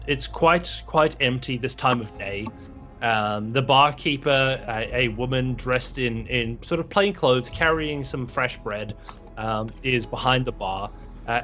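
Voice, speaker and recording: A man narrating a tabletop game as game master, relaxed with many fillers. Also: medium pitch, lo-fi sound.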